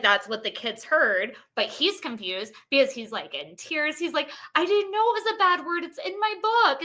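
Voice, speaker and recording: A woman from Appalachia talks in a bright, clear tone at a medium pitch. She tells school stories in a loose, chatty way, dropping "like" into nearly every phrase. The delivery is casual and animated. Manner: animated storyteller, heavy use of "like". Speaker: podcast guest, elementary school teacher. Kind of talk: casual podcast chat.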